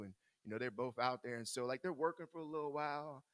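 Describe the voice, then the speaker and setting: A man's voice: medium pitch, fast talker, few pauses, fairly bright tone, dry recording. A man telling a personal recovery story to a group in a casual, candid way. He laughs often and repeats words while he searches for what to say. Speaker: speaker in recovery sharing his story.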